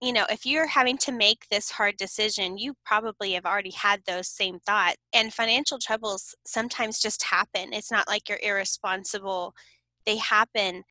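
A woman's voice: medium pitch, bright, forceful tone, dry recording, low-quality recording. A woman hosting a faith-based podcast, gushing and enthusiastic as she chats with a friend. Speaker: podcast host. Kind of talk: casual chat interview.

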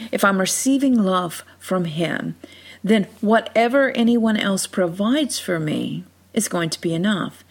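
A middle-aged woman hosting a faith podcast, telling a heartfelt personal testimony and leading a prayer. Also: medium pitch. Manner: earnest, heartfelt storytelling. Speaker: podcast host.

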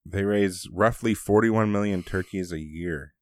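A man's voice: low voice, a little slow, no echo, clean studio sound. A man co-hosting a casual chat, laid-back and teasing, reading out trivia questions.

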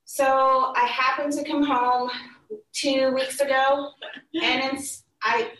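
High-voiced woman telling a lively story. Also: slow, slight background noise. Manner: animated, acts out quoted dialogue. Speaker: podcast guest. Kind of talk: casual storytelling. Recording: roomy, distant mic.

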